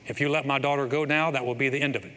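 A man doing an impression of a grim film father who makes slow, measured threats to a kidnapper. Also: medium pitch, fairly even intonation, fairly bright tone, lightly acted. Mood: menacing. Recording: long hall reverb, faint ambience.

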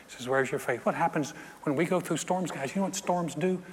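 A man's voice: on the high side, a little fast. A middle-aged man preaching a sermon, acting out scenes and joking with the congregation. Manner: animated, acts out scenes, jokes with congregation. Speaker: pastor. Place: church sanctuary. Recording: reverberant hall with faint ambience.

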